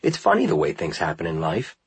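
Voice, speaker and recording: A man narrating a first-person memoir in a measured, earnest reading style. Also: deep voice, wildly swooping pitch, breathy edge, dry recording, low-quality recording. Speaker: audiobook narrator.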